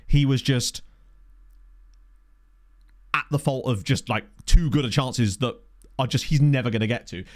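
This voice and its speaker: Streamer, man, lively up-and-down delivery, chatty play-by-play as he plays. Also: medium pitch. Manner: excitable, chatty, thinks aloud. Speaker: video game streamer. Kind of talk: live gameplay commentary.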